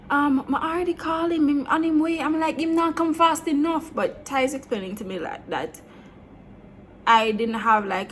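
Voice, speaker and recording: A young woman telling a storytime vlog, blunt and animated, slipping between patois and standard English. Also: fairly high pitch, a little hiss or hum. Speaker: vlogger. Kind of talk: storytime monologue.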